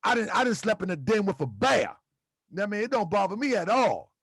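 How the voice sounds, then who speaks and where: A man's voice: high voice, sing-song, fast talker, a bit bright, husky, dry recording, clean studio sound. A man hosting a livestream, lecturing his chat in a preachy way with repeated rhetorical questions. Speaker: host.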